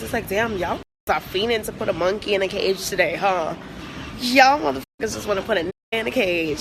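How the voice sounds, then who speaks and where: An upset woman venting in an agitated, profane rant at an airport, her talk full of fillers as she tries to calm down. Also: medium pitch, a little fast, noisy background. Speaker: vlogger venting after a flight. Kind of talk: angry phone vlog rant.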